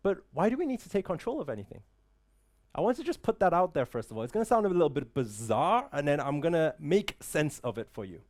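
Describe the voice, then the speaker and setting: A man gives a live motivational talk in an event room, his fairly high voice swinging widely in pitch, fast and a little mellow. Rhetorical questions abound, along with a repeated "right?"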